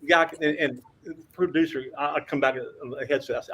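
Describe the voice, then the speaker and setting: Older male sports-writer guest, husky, fairly high voice, animated storyteller who stumbles over restarts. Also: brisk. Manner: stammering restarts, lively acted-out anecdotes.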